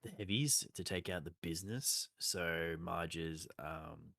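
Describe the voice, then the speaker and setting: A man's voice: deep voice, slow, creaky, hardly any pauses, pushed and bright, dry recording, clean studio sound. A man co-hosting a podcast, chatting casually and joking, often slipping into silly put-on accents. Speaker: podcast co-host. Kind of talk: casual chat.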